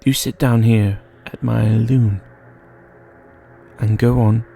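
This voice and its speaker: A man's voice: mid-range voice, fairly even intonation, slow pace, creaky, mellow, husky, heavily acted. A man voicing a wicked, hungry old witch in a told fairy tale, speaking with a falsely sweet manner. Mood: scheming. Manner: sugary sweet when scheming.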